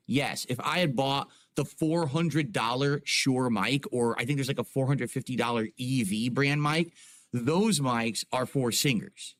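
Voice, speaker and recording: Guy streaming from home, just chatting and explaining stuff into a close desk mic, mid pitch. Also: fairly bright tone. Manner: explaining, chatty, fillers like "like" and "you know". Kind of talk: casual talk to a live chat. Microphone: close desk microphone on a boom arm.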